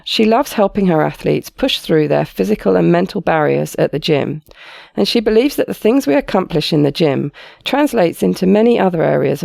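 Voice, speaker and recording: Woman host, lowish voice with heavy vocal fry, dry close sound. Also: darkish tone, dry recording. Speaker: podcast host. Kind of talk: podcast intro and interview.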